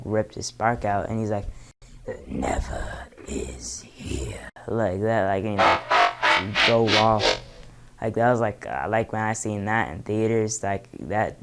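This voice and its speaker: A man casually recapping movie scenes, rambling with many fillers. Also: fairly low pitch. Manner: loose, filler-heavy storytelling. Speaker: impressions vlogger.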